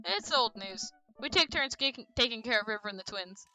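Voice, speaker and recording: A woman's voice: a little high, expressive, fairly quick, sharp tone, soft background music, full character voice, low-quality recording. A woman voicing a friendly, laid-back male frat-bro dad while reading game dialogue aloud. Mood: easygoing. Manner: easygoing, drawling bro talk.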